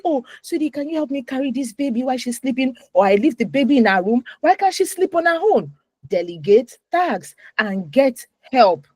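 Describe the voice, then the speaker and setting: A woman in her thirties giving an animated, emphatic talk to a moms' group on a video call. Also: mid-range voice, no room sound, rough recording. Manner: animated, emphatic, with repetitions and acted asides. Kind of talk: live online talk.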